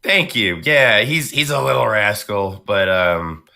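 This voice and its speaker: A male voice actor chatting casually on a podcast, telling stories about his roles with animated energy and a touch of New York accent. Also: lowish voice, unhurried, vocal fry. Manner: animated storyteller, slips into character voices.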